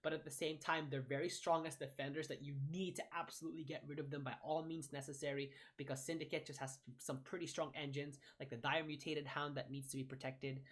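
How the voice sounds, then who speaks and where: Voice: mid-range voice, flat delivery, fairly quick, hardly any pauses. Young gamer rambling through a card tier list, keeps correcting themself, casual. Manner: rambling, self-correcting, hedging. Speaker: gaming video creator. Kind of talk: casual card-ranking commentary.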